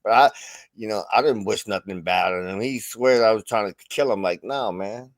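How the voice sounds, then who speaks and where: A man's voice: lowish voice, moderate pace, no room sound. A middle-aged man hosting a casual livestream chat, telling stories loosely with lots of swearing and laughter. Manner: profane, laughing storyteller. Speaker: stream host.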